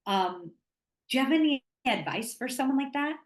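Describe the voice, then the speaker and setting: A woman's voice: sits high, animated, normal speed, echoey room. A woman hosting an interview podcast, asking long, thoughtful, rambling questions full of fillers. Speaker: podcast host. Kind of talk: conversational interview.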